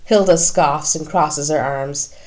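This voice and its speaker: A woman narrating a first-person audiobook in an even storytelling manner. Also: low-pitched, takes it slowly, poor audio.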